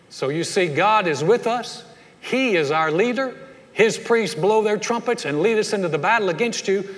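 Preacher guy, fairly high voice, telling bible stories folksy style, big hall echo. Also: expressive, moderate pace, a bit bright. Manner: folksy storytelling, acts out quoted characters. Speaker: pastor. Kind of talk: sermon retelling a Bible story.

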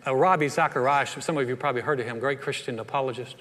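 A man preaching a sermon as pastor, telling a story in an animated way and acting out the voices, then leading a quiet altar call. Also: mid-range voice, quick pace. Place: church sanctuary. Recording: hall reverb.

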